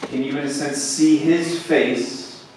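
A man preaching a sermon as pastor, slow and deliberate, swelling to emphatic peaks and then dropping quiet. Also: on the high side, steady tone, slight background noise. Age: young adult to middle-aged, father of boys. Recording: echoey hall, speaker far from mic.

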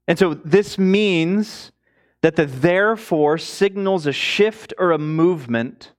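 A man preaching a sermon, emphatic, rising high on key words and dropping low and quiet between them.

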